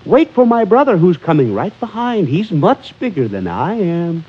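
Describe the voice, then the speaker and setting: A man squeaking as a tiny pleading billy goat. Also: sing-song, normal speed, breathy edge, heavily acted. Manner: high, polite pleading. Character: little male billy goat, small and pleading. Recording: dull lo-fi with faint music.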